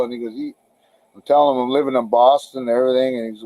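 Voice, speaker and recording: A man's voice: medium pitch, fast talker, dark tone, no room sound, low-quality recording. A middle-aged man telling long, rambling stories as a podcast guest, swearing freely and often restarting his sentences. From Canada. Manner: rambling, profane, frequent restarts. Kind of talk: casual storytelling interview.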